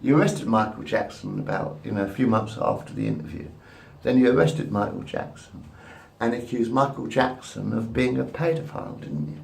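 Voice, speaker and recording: A man's voice: mid-range voice, moderate pace, creaky. A man in his fifties rambling crudely and repetitively to a camera at home. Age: 50s. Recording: echoey room.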